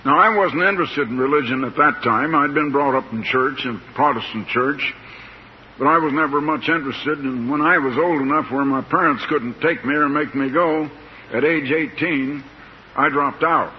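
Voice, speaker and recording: An older man preaching a sermon in a slow, plain-spoken, folksy way, stretching out words for emphasis. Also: fairly high pitch. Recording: dull lo-fi tape with faint hiss.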